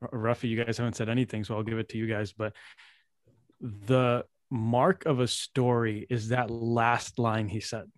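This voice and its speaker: A man's voice: mid-range voice, little pitch movement, moderate pace, no echo, studio quality. A man hosting a podcast, reflecting and explaining in a casual chat, then handing over the turn. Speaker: podcast host.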